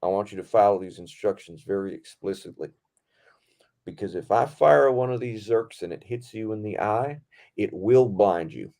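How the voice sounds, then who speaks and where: A man's voice: fairly low pitch, moderate pace, creaky, warm tone. Man playing a stern Southern stunt coordinator.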